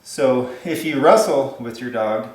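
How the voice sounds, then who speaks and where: A man's voice: medium pitch, a little slow. Casual man giving puppy advice, echoey room. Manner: rambling, many fillers and restarts. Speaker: dog trainer.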